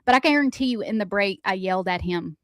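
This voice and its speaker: A woman co-hosting a radio morning show, telling everyday stories in a chatty, animated, self-deprecating way. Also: medium pitch, fast talker, no echo, clean studio sound. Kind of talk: casual storytelling chat.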